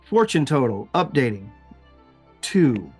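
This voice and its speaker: A man's voice: mid-range voice, sing-song, slow pace, a little mellow, breathy edge, faint music behind. A man narrating as game master of a tabletop game, rambling with fillers and frequent laughs.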